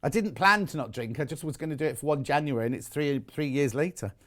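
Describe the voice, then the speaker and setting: A man's voice: fairly high pitch, quick pace, fairly bright tone. Chatty British male craft presenter. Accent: British English. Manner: chatty, teasing, reads viewer messages aloud. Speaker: shopping channel presenter. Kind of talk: live craft shopping chat. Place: TV studio.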